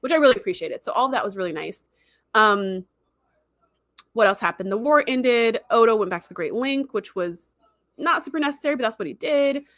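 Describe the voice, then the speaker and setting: Chatty woman streamer, bright and dry. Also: fairly high pitch, fairly quick, no room sound. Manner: chatty, animated, frequent "like" and "um". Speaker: livestream host. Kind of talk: casual episode recap.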